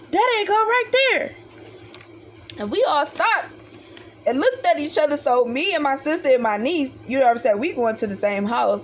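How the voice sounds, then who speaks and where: A young woman with a high voice tells a childhood story in a casual, profane storytime style, animatedly acting out her family members' voices. There's a little hiss or hum in the recording.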